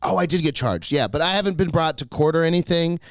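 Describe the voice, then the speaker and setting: A man's voice: fairly high pitch, fast, no echo, clean studio sound. A young man, a comedian co-hosting a podcast, telling rambling stories in casual chat and laughing often.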